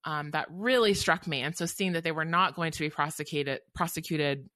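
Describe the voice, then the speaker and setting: A woman's voice: low voice, moderate pace, pushed and bright, no room sound. A woman author in an interview, speaking thoughtfully and earnestly, with frequent ums and restarts. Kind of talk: reflective interview talk.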